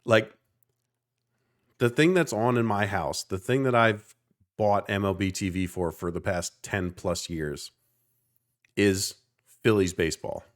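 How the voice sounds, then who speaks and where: Passionate South Jersey man, low voice. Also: measured pace, long pauses. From South Jersey, near Philadelphia. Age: 30s. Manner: passionate, rambling, swearing for emphasis. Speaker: podcast co-host. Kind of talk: casual chat.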